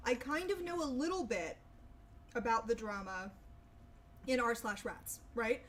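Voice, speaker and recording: A woman's voice: on the high side, a little slow, a little hiss or hum. A young woman chatting casually with her stream viewers, rambling and swearing freely. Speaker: livestreamer.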